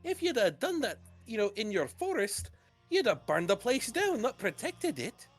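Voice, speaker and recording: A man plays a blustering artificer in a tabletop game. He lectures and stammers while his pitch swings up and down a great deal. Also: sing-song, moderate pace, soft background music, heavily acted. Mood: lecturing.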